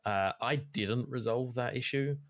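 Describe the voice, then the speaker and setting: A man's voice: mid-range voice, unhurried, no echo, clean studio sound. A young man casually recapping a video game, rambling with lots of fillers and casual swearing. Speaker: gamer recapping play. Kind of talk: casual chat.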